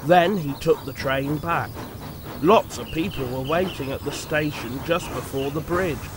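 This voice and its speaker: A man narrating a children's storybook in a slow, expressive, measured way. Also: fairly high pitch, background noise. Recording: music playing under the voice.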